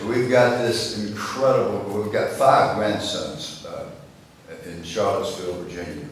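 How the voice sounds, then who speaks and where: An older man giving a storytelling speech to a breakfast gathering, folksy, acting out the voices in his tales. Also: on the low side. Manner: folksy, acts out dialogue in stories. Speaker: guest speaker. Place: chapel hall. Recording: echoey room from far off with faint noise.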